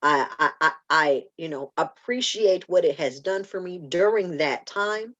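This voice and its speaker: A woman guest on a podcast, chatting casually and telling animated stories with frequent restarts. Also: fairly low pitch, a little slow, dull audio. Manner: animated storytelling with repeated restarts. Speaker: podcast guest, spoken word writer.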